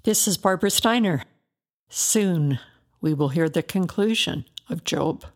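A woman narrates a story in a slow, measured, deliberate reading. Her voice has a gravelly fry to it, and she takes her time over every phrase. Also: lowish voice.

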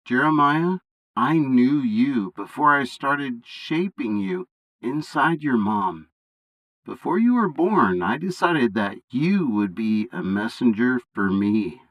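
A man putting on God for a read-aloud bible story, calm, fatherly and commanding. He talks slowly and with steady authority, his phrasing rising and falling widely. The sound is close and dry. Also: medium pitch, no room sound, poor audio. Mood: reassuring.

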